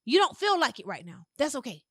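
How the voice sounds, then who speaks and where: A woman's voice: high voice, very animated, fast talker, a bit bright, no room sound, clean studio sound. A woman hosting a podcast in a motivational monologue, with emphatic, repetitive, slangy delivery. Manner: casual slangy phrasing. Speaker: podcast host.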